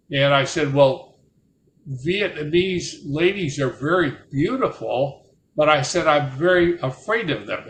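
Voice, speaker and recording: A man's voice: a little high, fairly bright tone, slight background noise. An older man, a retired Marine officer, tells rambling anecdotes, breaking off and restarting as he goes. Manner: rambling, self-interrupting storyteller. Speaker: retired Marine officer telling war stories. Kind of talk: anecdotal storytelling. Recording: roomy with faint ambience.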